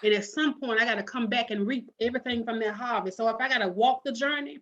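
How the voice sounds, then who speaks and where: A woman's voice: a little high, quick pace, fairly bright tone. Woman with a preachy, repeating cadence. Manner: preachy, repetitive cadence with many restarts. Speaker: guest author and blogger. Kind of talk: casual podcast conversation. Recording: dull lo-fi sound.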